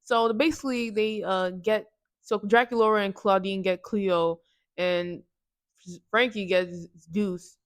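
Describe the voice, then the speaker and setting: A woman's voice: medium pitch, fairly even intonation, measured pace, no echo. A woman casually recapping a movie for her review channel, rambling in slang and often correcting herself. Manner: rambling, slangy, self-correcting with restarts and laughs.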